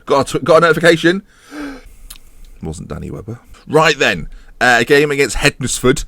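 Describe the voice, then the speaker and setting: A man's voice: mid-range voice, big pitch swings, moderate pace, creaky, pushed and bright, dry recording, clean studio sound. A man giving casual, sarcastic let's-play commentary, slipping into mock match-commentator patter. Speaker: gaming YouTuber.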